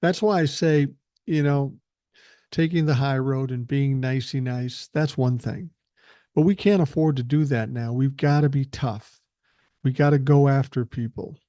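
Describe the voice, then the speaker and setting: A man's voice: medium pitch, measured pace, dark tone, dry recording. An older man hosting a podcast, delivering a blunt, profane and angry political monologue into a close mic. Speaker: podcast host.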